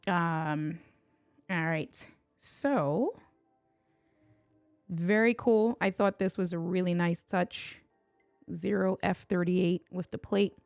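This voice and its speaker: A woman's voice: fairly low pitch, slow pace, vocal fry, pauses often, darkish tone, smooth, no echo, faint music behind. A woman from Puerto Rico hosting a casual livestream unboxing at home, chatting and bantering with viewers in the chat. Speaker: tech livestream host.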